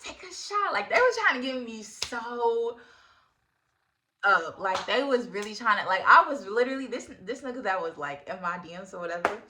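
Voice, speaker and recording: A young woman in her twenties telling a casual storytime, animated and full of slang, laughing often. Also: mid-range voice, normal speed, slight background noise. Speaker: vlogger.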